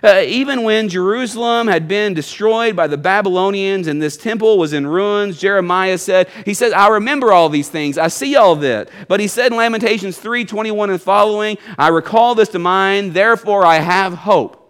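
A man preaching a sermon in a church, talking conversationally, often checking in with the congregation and dropping into soft low asides. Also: moderate pace, hardly any pauses, smooth. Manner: conversational preaching, asks the congregation "you see?".

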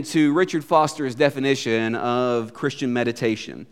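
A man's voice: on the high side, normal speed, clear, resonant tone, big-room sound. A man preaching a sermon as a pastor, hesitant with many fillers at first and then building to emphatic repetition.

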